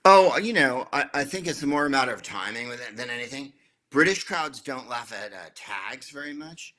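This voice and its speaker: A middle-aged man, a comedian guest in an interview, telling anecdotes in a wry, dry way with quick asides. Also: mid-range voice, lively intonation, sharp tone. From United States.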